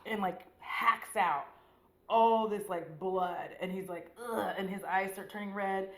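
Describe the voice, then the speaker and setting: A woman's voice: mid-range voice, fairly even intonation, measured pace, a bit bright. Chatty woman vlogger in an echoey room. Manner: chatty, profane, jokey, acts out scenes. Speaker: beauty vlogger. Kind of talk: casual chat recapping a movie. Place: room at home.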